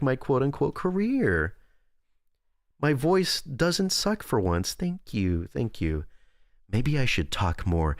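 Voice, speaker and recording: A man's voice: medium pitch, no room sound. A young man chatting casually on a livestream from a close desk microphone. He rambles and loses his train of thought, reads chat, and makes fun of himself. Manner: rambling, self-deprecating, reads and answers chat. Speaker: streamer.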